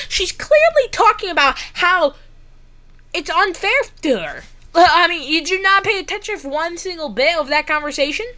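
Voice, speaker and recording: High bright excitable ranting woman. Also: normal speed. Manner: excitable, ranting, says "bro" often. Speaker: wrestling recap vlogger. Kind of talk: casual ranting show recap.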